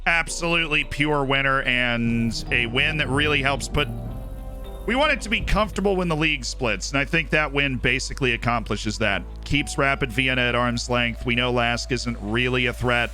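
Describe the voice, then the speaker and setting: A man's voice: mid-range voice, normal speed, bright, forceful tone, faint music behind. A man streamer giving casual, upbeat commentary on his game and thanking viewers by name. He is tired and his voice is starting to go.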